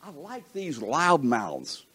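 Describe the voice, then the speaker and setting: A man's voice: a little high, slow pace, husky. A man teaching a Bible lesson and asking his class questions. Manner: animated, asks the class questions.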